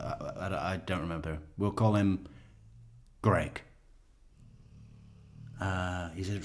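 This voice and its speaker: A man's voice: sits low, fairly even intonation, slow pace, long pauses. A man giving casual true crime commentary, rambling and profane, often chuckling.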